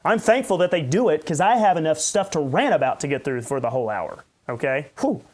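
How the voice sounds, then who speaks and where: A man's voice: on the high side, expressive, fairly quick. A man, a pastor hosting a podcast, rambling and ranting in unscripted commentary with sarcastic asides.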